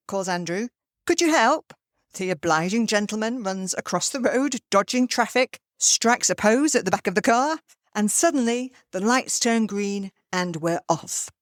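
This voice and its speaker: Older woman, podcast host, animated storyteller, dry close-miked sound, middle pitch. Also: no room sound. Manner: lively storyteller, acts out quoted voices. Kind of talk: storytelling monologue.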